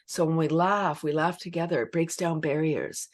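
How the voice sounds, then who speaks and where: A woman's voice: low voice, steady tone, normal speed. A middle-aged woman who leads laughter yoga, talking animatedly in a casual interview and laughing often. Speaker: laughter yoga leader and guest.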